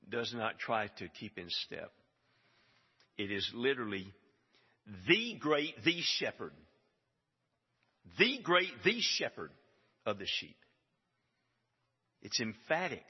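A man's voice: lowish voice, slightly rough. A man preaching a sermon, emphatic and building to stressed repeated phrases. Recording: dull sound with long hall reverb.

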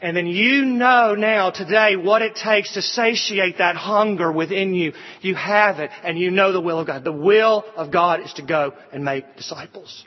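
A man preaching a sermon, quoting scripture and building through repeated appeals. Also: high-pitched. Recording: dull sound with long hall reverb.

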